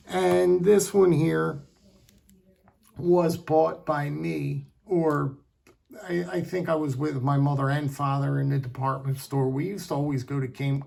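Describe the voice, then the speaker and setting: Gravelly middle-aged man, rambling fondly. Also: on the high side, a little mellow. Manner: rambling, halting, sentimental. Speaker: knife collector vlogger. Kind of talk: casual storytelling to camera.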